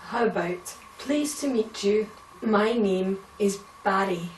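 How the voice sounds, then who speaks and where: Woman as a slow-spoken, patient therapist, heard from far off in an echoey room. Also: medium pitch, lightly acted. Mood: coaxing. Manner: slow, deliberate instructing. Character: patient female speech therapist coaching slowly.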